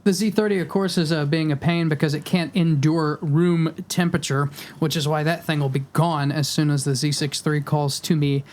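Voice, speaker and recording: A man hosting a casual podcast conversation, laughing often and halting with fillers as he retells stories. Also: on the high side, steady tone, darkish tone. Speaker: podcast host.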